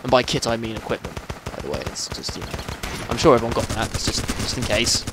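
A man's voice: mid-range voice, lively intonation, fast talker, background noise. A young man giving rambling, chatty commentary while playing a military shooter. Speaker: gameplay commentator. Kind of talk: casual gameplay commentary. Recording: gameplay gunfire and explosions behind.

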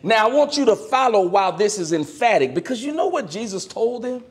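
A man, a minister, preaching a sermon to his congregation and calling out for amens, swinging from loud exclamations down to quiet asides. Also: high voice, very animated, a little fast. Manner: calls for amen from the congregation.

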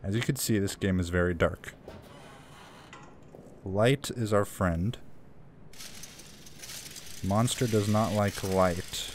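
A man's voice: lowish voice, takes it slowly, pauses often, slight background noise. A man casually commenting on a horror game he is playing, joking and reading in-game notes aloud. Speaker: let's play gamer. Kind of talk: gameplay commentary.

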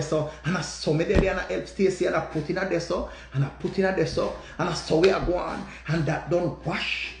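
High gravelly Jamaican man ranting. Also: reverberant. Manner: repetitive, profane, dramatic retelling. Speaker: vlogger. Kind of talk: animated storytelling rant.

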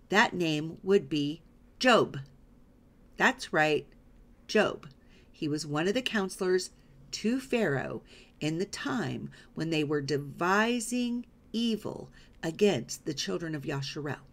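A woman Bible teacher reading scripture aloud and stopping to explain it, often checking in with "right?" and "okay?". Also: on the low side. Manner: reads passages aloud, then stops to explain.

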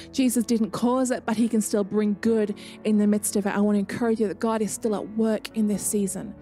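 A woman's voice: mid-range voice, mellow. A woman with an English accent preaching an online sermon in a chatty, conversational way, mixing personal stories with scripture. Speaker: pastor.

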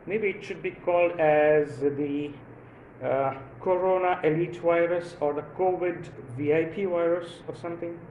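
A man's voice: on the high side, fairly even intonation, measured pace, reverberant, narrow, tinny audio, a little hiss or hum. A man from India doing a rambling stand-up comedy monologue, full of fillers and chuckles at his own jokes.

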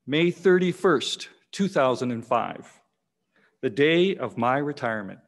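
A man, preaching a sermon in a measured way, repeating key phrases with pauses, in a church hall. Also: medium pitch, lively intonation. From Canada. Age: 60s. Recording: long echoing church reverb.

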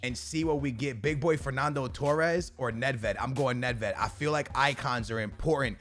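A young man giving casual, slangy commentary on a video game, bursting into shouts at big moments. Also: medium pitch, moderate pace, faint music behind. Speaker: gaming YouTuber.

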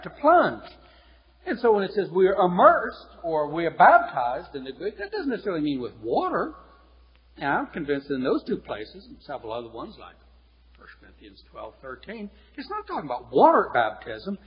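A man preaching a lecture-style sermon, teaching in a lively, animated way with chuckles and restarts. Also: high-pitched, slightly rough. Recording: dull lo-fi recording in a reverberant hall.

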